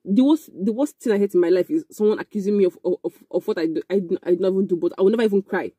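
A young woman telling a casual storytime, animated and excitable, with frequent exclamations. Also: mid-range voice, racing, husky, no room sound. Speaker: vlogger.

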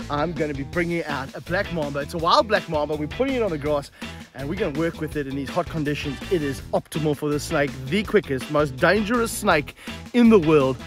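A high-pitched man gives an energetic snake-handling demonstration outdoors on the grass. He speaks straight to camera and breaks into whoops. Faint music plays behind him. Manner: energetic and excitable, with whooping calls. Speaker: snake handler and show host. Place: outdoors on grass in hot weather.

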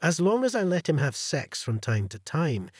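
A man's voice: on the high side, very animated, normal speed, husky, dry recording, clean studio sound, voice pushed up. A man voicing a smug, possessive adulterous lover in a narrated story.

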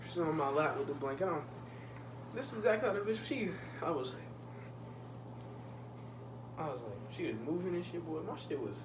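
A young man tells a profane, slang-heavy story in a casual storytime vlog, joking straight to his viewers. His voice is fairly high, and the background is noisy.

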